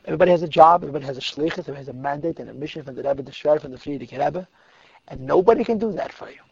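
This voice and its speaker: A man quoting a quiet, earnest spiritual leader. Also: racing, vocal fry. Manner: quiet, low, earnest exhortation. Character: calm, earnest male spiritual leader exhorting followers. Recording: dull lo-fi dry recording.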